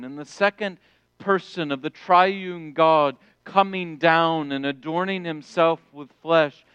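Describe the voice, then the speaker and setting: A middle-aged male pastor preaching a sermon, emphatic, rising to loud declarations and dropping soft. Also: a little high, smooth, no room sound, highs cut off.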